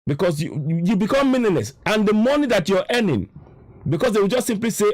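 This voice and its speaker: Nigerian man, Yoruba accent, high lively voice, dry close sound, fired-up preachy rant. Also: brisk, no room sound. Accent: Nigerian English, Yoruba. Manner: frustrated, preaching, repeats himself for emphasis. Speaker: online commentator. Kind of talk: impassioned political monologue.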